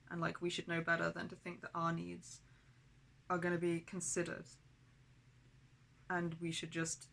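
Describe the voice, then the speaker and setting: A woman's voice: on the low side, creaky, fairly bright tone. A woman in an emotional personal vlog who talks angrily, swears heavily and speaks of herself as "we". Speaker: vlogger.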